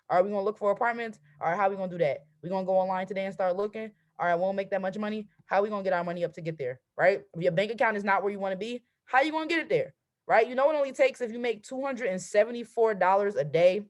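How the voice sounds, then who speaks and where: A woman giving a motivational talk as a coach. She speaks conversationally and with energy, asks her listeners "right?" again and again, and acts out excited affirmations. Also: medium pitch. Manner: conversational, keeps asking "right?". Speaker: trading and mindset coach.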